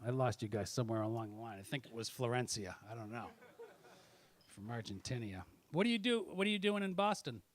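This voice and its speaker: A man doing stand-up comedy with crowd work, swearing constantly and swinging from muttered asides to loud angry outbursts. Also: medium pitch, animated, a little fast.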